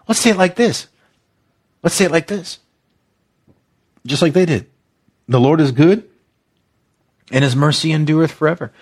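With a husky voice and a lively, swooping pitch, a man preaches slowly and deliberately in a podcast-style devotional teaching. Exuberant and emotional, he guides his listeners through call-and-response repetition.

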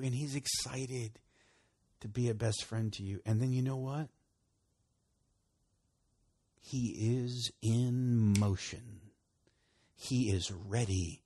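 A man preaching a casual sermon in an animated way, acting out little prayer dialogues as he goes. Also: on the low side, breathy edge. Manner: animated, acts out voices of prayer and God.

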